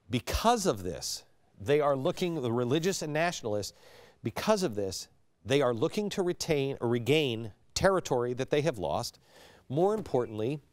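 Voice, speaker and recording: A middle-aged man delivers a televised political monologue in a highly animated voice that climbs and plunges. He swings between hushed, slow warnings and forceful emphasis, and the sound is close and dry with no room around it. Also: no echo. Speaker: host.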